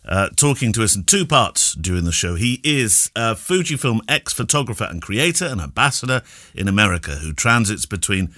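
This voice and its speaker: Lively chatty man hosting a podcast. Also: lowish voice, a little fast, no echo, studio quality. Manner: chatty, laughs often, rambling with restarts. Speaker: podcast host. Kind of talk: casual chat.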